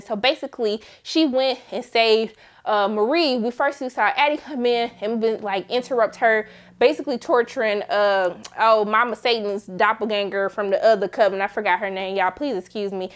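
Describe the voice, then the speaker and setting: A young woman casually recapping a TV episode, animated and slangy, jumping into other voices when she quotes. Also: a little high, moderate pace. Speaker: TV episode reviewer.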